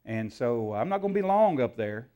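A preacher man tells a story from the pulpit in an easy, folksy drawl. He slips into the voices of the people in his tale and fills pauses with "uh". His voice sits at a middle pitch. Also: big pitch swings, warm tone. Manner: folksy storyteller, acts out dialogue, frequent fillers. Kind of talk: sermon storytelling.

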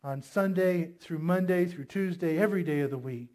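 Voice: mid-range voice, normal speed, darkish tone. A pastor preaching a sermon with emphatic delivery, asking the congregation rhetorical questions.

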